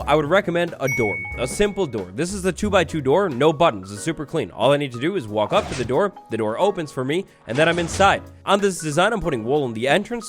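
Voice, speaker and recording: A young man narrates a game tutorial in a playful, upbeat way, sometimes acting out little scenes as he explains. His voice sits a little on the high side. Quiet music plays underneath. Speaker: Minecraft tutorial host. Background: background music.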